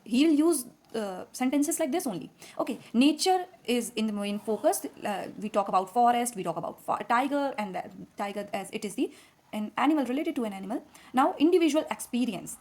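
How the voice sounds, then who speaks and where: A woman with an Indian accent giving a literature lecture while suffering from a cold, explaining step by step with frequent fillers and quick check-ins to her students. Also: fairly high pitch, expressive, darkish tone. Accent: Indian English. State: has a cold. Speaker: literature teacher. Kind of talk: classroom lecture.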